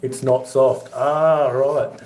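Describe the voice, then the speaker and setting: A man's voice: medium pitch, fairly even intonation, drawn-out words, darkish tone, a little hiss or hum. A middle-aged Australian man hosting a casual livestream, telling stories and laughing through his own yarns. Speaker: livestream host. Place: home with boxed-up rooms. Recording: echoey room.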